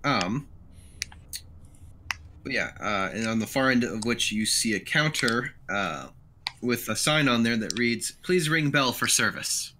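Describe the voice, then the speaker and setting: A man's voice: on the low side, animated, unhurried, long pauses, noisy background. A man narrating a tabletop game as game master, rambling with many fillers.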